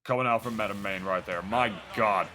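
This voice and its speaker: A man commentating a fighting-game match in a casual, excitable, joking way, full of "like". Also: on the low side, fairly quick, a little hiss or hum. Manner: excitable, joking, chatty with filler "like". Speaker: esports commentator.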